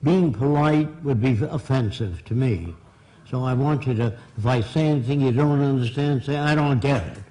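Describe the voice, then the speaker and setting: An older man from Brooklyn, New York, gives a blunt, emphatic public lecture. His mid-range voice is warm and moves at normal speed, though the recording quality is low.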